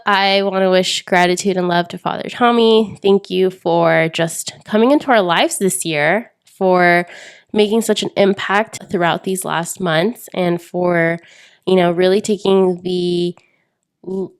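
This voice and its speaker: A young woman in her twenties chats casually as a podcast co-host. Her voice sits a little low and sounds smooth and resonant. She speaks softly and lets her phrases fade out.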